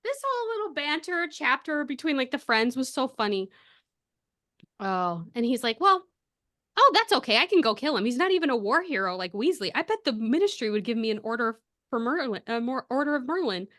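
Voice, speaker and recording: A woman podcast host chatting casually, retelling a story in an animated way with lots of laughs. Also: sits high, brisk. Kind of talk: casual chat.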